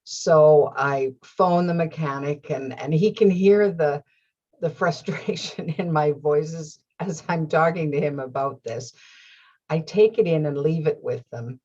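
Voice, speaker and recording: A middle-aged woman recounts a personal story to her viewers, laughing often and performing her own inner voices. Her voice sits low and a touch husky. The recording is a little dull. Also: a little slow, dark tone. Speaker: host. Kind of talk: storytelling monologue.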